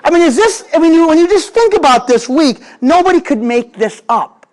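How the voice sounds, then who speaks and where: A male pastor preaching with a lively voice that swings up and down in pitch. He tells a Bible story like a conversation, throws in jokes and acts out the quotes. He keeps talking straight to the people in front of him. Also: a little fast. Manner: conversational, addresses the congregation directly. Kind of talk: sermon.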